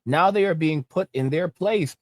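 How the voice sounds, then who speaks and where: A man rants and preaches as the host of an online commentary show, his voice sitting a little high for a man. He lectures with a mocking edge. The recording is dry and close, with no room sound. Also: moderate pace, no room sound.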